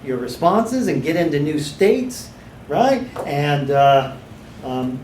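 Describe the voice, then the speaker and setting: A man teaching a small class of hypnotherapy students, sometimes slipping into a slow, authoritative guided-imagery voice. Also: a little high, sing-song, a little mellow, slight background noise. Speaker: hypnotherapy trainer. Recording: echoey room.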